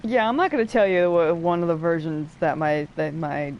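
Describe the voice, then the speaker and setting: Chatty low-voiced woman streamer. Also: normal speed, muffled recording, a little hiss or hum. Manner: rambling, chatty, many fillers and restarts; explains and interprets game dialogue aloud. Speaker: let's play streamer. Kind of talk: casual gameplay commentary.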